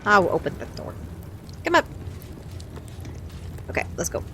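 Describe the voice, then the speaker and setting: A woman's voice: medium pitch, very animated, normal speed, a bit bright, slight background noise. A woman streaming a game live, chatty and self-mocking, laughing often as she comments.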